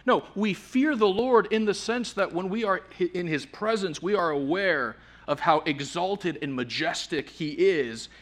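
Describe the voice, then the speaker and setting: Earnest man preaching a sermon. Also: on the high side. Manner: earnest, swings from forceful emphasis to hushed softness.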